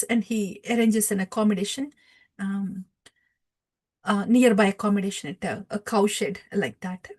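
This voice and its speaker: A woman giving a devotional lecture, retelling a scripture story with many pauses and fillers. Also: mid-range voice, husky. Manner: hesitant, many fillers, warm laughs. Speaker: devotional speaker.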